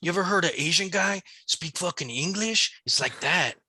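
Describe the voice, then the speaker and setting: Podcast co-host, man, higher voice, bright tone, dry close sound, swears and jokes freely. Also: expressive, moderate pace, slightly rough, dry recording. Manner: profane, jokey, slips into mock voices. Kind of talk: casual crude banter.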